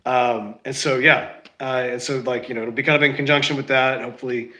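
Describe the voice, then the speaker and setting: A man's voice: mid-range voice, steady tone, brisk, pushed and bright. A man hosting a casual solo podcast, rambling and correcting himself while he is sick and stuffed up. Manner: rambling, self-correcting, says y'all. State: sick, stuffy, lost sense of smell. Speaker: podcast host.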